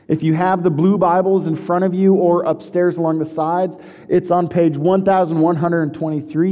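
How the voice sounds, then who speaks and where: A pastor delivering a sermon, moving between hushed scripture reading and lively storytelling. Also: male voice, fairly high pitch. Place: church sanctuary. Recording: long hall reverb.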